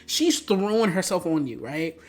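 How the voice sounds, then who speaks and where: Excitable, profane man ranting about films. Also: sits high, normal speed. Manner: excitable, profane, rambling, with sudden loud outbursts. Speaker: movie reviewer. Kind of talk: casual rant commentary.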